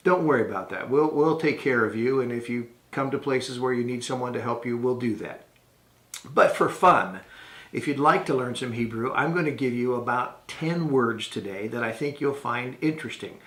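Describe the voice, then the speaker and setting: Middle-aged man, mid pitch, patient casual lesson to camera, spells things out, echoey room. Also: a bit bright. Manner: patient, spells words out slowly. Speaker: tour leader teaching travel phrases. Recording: roomy echo.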